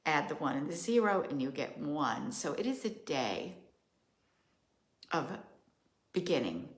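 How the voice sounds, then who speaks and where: An older woman speaks slowly in a low voice, thinking out loud as she talks. Her musing, measured monologue has an astrologer's unhurried calm. The room around her adds a roomy echo. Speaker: astrologer host. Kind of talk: reflective solo monologue.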